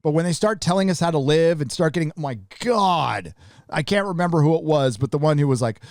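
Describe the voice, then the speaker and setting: A man hosting a live stream, ranting bluntly and profanely in a casual, halting way. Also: fairly high pitch, animated, no room sound, clean studio sound. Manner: casual, with restarts.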